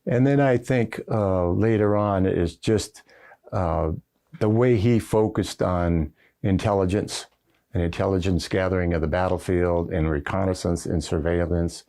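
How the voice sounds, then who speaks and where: This older man, a retired Marine general, speaks low and warm at a measured pace while telling anecdotes. It's a recorded oral history interview, his delivery folksy and full of "uh" and "you know," shot on camera with the interviewer behind it.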